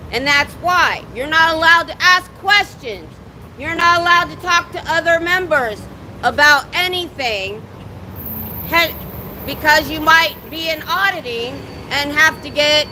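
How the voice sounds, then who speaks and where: A woman with a high, bright, ringing voice projects loudly outdoors in an indignant drill-sergeant manner. She challenges and accuses as she livestreams the protest on her phone, with faint traffic behind her. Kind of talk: loud street protest speech. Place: outdoors near a building entrance by a street.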